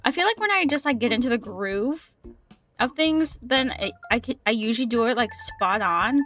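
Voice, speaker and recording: A woman streaming a cozy game who chats loosely with her viewers and reads their messages aloud. Her voice sits a little high, and she circles back over her own words. Soft music plays faintly behind her. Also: animated, normal speed. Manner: chatty, reads chat aloud, repeats herself. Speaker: gaming streamer. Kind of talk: casual livestream chat.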